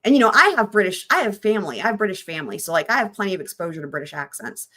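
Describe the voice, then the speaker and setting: A woman's voice: mid-range voice, animated, very fast, pushed and bright. Chatty woman hosting a crime live stream. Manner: chatty and rambling, talks to her chat. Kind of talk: casual live-stream commentary.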